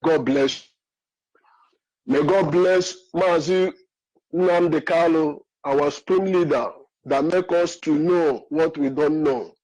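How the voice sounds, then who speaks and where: High-pitched impassioned Nigerian man calling in. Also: takes it slowly, darkish tone, low-quality recording. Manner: emotional, repetitive, pleading. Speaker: caller. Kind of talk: impassioned call-in. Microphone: phone call.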